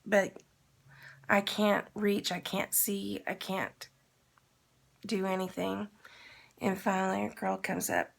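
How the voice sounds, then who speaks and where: Gravelly-voiced woman telling a story. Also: mid-range voice, little pitch movement, slow pace, long pauses. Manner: rambling, retells with quoted dialogue. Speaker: vlogger. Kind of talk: casual storytelling.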